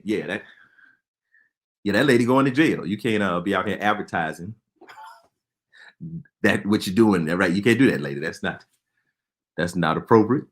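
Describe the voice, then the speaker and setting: A man's voice: sits low, animated, normal speed, long pauses. A man doing stand-up comedy, telling stories in an exasperated, punchy way with lots of repeated phrases.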